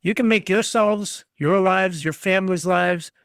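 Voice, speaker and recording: Blunt ranting man with a gravelly voice. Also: high voice, a little slow, fairly bright tone, no room sound, studio quality. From United States. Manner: blunt, ranting, swears freely. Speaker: podcast host. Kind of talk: solo podcast rant.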